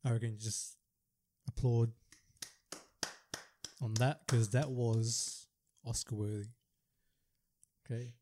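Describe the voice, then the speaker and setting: A young man chatting casually on a podcast, laid-back and playful, quick to hype up his co-host. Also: mid-range voice, little pitch movement, background noise. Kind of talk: casual chat.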